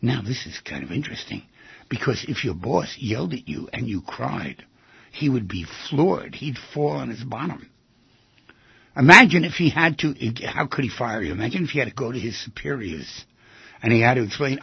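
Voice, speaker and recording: A man giving an animated talk, acting out quoted lines with large swings in pitch, with a husky voice. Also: normal speed, dry recording. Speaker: speaker on relationships. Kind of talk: lively talk. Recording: dry, dull lo-fi sound.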